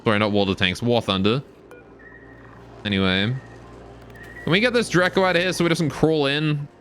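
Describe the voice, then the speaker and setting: A British man whose accent now leans strongly Canadian, streaming a game and chatting loosely as he answers viewers. His voice is bright and forward, and he rambles between tasks. A faint hum of noise sits under his talk. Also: mid-range voice, normal speed. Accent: British, now mostly Canadian. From Britain. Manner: chatty and rambling, reads viewer questions aloud. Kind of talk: casual live-stream chat while playing.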